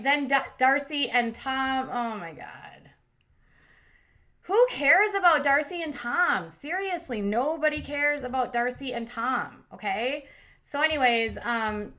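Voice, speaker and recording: Bright, chatty woman recapping reality TV. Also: fairly high pitch. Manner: opinionated, chatty, acts out quotes in voices. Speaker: commentary channel host.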